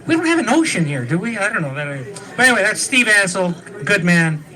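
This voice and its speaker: Man, roast host, high-pitched, bright, chatty, laughing at own jokes. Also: big pitch swings, fast talker. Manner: joking, laughs at own lines, loose and chatty. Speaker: emcee of the roast. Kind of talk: live event hosting.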